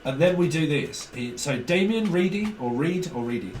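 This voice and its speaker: Animated man in echoey room. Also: fairly high pitch, moderate pace, far from the mic, slight background noise. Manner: animated, acts out both sides of arguments, swears casually. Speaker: tarot reader. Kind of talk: casual tarot reading monologue.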